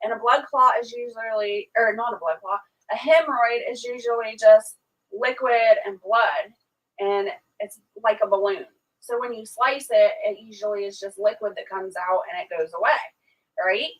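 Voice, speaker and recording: A woman with a fairly high voice tells a story in a casual, animated way. She often raises her pitch to act out quotes. Her voice sounds a bit distant from the microphone. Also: moderate pace. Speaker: livestream host telling a story.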